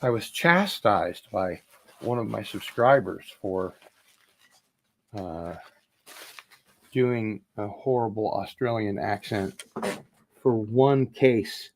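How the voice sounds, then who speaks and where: Brief: male vlogger, low voice, slow easygoing unboxing chat, rambling asides. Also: a little hiss or hum. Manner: relaxed, rambling, offhand asides.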